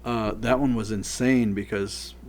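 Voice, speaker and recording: A middle-aged man, a production guest, telling behind-the-scenes stories in a casual, animated way and laughing as he goes. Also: on the low side, unhurried, a little hiss or hum. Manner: animated, laughs through his stories and acts out quoted lines. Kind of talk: casual anecdotal storytelling.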